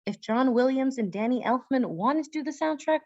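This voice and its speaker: A woman's voice: high-pitched, expressive, darkish tone, no echo. A woman voicing a brash, boastful young man who talks in a bossy way, in an amateur comedic audio drama. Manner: bossy, fast-talking bragging. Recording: dull dry lo-fi mic.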